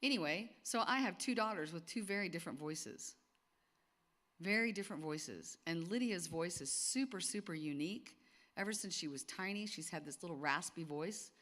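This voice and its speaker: A woman's voice: lowish voice, lively intonation, moderate pace, a bit bright. A middle-aged woman talking casually to a group of women, chatty, with lots of restarts and asides. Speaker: speaker at a women's gathering. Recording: long hall reverb.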